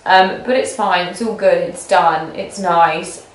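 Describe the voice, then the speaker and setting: A woman's voice: lowish voice, takes it slowly, hardly any pauses, slight background noise. A young woman vlogging to a camera she points at herself in her apartment, rambling and chatty with many fillers. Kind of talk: casual talk to camera. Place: indoors in an apartment being packed up. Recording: roomy echo.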